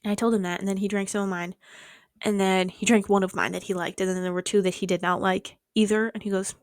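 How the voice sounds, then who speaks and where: A young woman in her twenties chatting casually and fast, rambling with sarcastic, sweary asides, speaking into a mic held close to her mouth. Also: medium pitch, little pitch movement, dry recording. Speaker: vlogger. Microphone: close mic held near the mouth.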